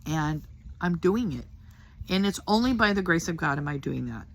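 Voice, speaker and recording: A woman's voice: fairly low pitch, lively intonation, moderate pace. An older woman giving a casual personal testimony about her faith, talking in an earnest, heartfelt, rambling way. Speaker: Christian testimony speaker.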